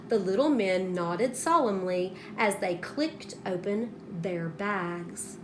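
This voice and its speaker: Slow, expressive woman teacher reading aloud. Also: medium pitch, noisy background. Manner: slow, expressive, pauses to prompt students. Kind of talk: reading a storybook aloud to students.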